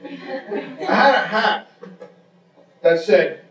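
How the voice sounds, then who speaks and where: This adult man speaks very slowly in a high, slightly bright voice with lively intonation as he delivers a rambling, profane, self-mocking story from the stage. A distant mic in the roomy live venue cuts off the highs, and the audience's laughter carries in the background.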